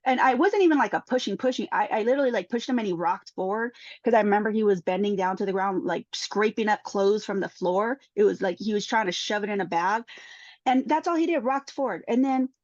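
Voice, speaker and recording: A woman's voice: medium pitch, brisk, dry recording. A woman who is a panel guest, giving an emotional personal testimony and acting out the exchanges she quotes. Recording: dull, dry sound.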